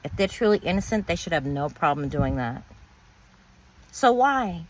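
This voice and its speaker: A woman's voice: on the low side, very animated, normal speed. A woman telling her own story of betrayal in a bitter, emphatic way, repeating words and swearing. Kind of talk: personal storytelling monologue.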